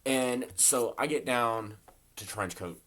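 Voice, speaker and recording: A man's voice: medium pitch, takes it slowly, fairly bright tone. A young man in a casual, rambling storytime vlog, full of profanity and constant "like" and "bro", recorded in his bedroom at home. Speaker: storytelling vlogger.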